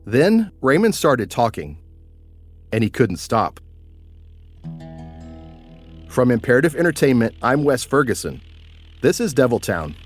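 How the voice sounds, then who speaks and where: A man hosting a podcast, delivering scripted narration in a measured storytelling manner. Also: mid-range voice, very animated, faint music behind.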